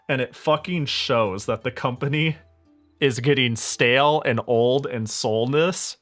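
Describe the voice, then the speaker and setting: A man streaming and chatting casually, ranting with lots of swearing and quick laughs. His voice sits at a middle pitch, and faint music plays behind him. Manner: profane, animated ranting with frequent laughs. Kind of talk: casual gaming stream chat.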